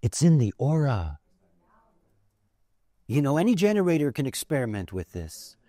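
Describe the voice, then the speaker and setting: Animated man telling stories in a lecture. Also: mid-range voice, moderate pace, no echo, clean studio sound. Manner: conversational, digressive, many fillers and asides. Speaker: teacher of a spiritual system. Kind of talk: lecture with storytelling.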